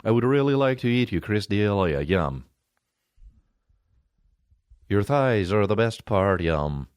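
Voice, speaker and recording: A man's voice: expressive, clear, resonant tone, no room sound, clean studio sound. A man doing a creepy, hungry woman. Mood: hungry menace. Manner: slow, low, drawn-out "yum".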